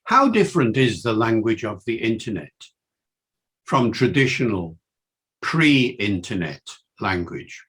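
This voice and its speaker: A man's voice: a little slow, breathy edge. An older man with a mixed Welsh and Liverpool accent, giving a university lecture with enthusiastic, swinging emphasis. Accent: Welsh and Liverpool mix. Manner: enthusiastic, lively pitch swings.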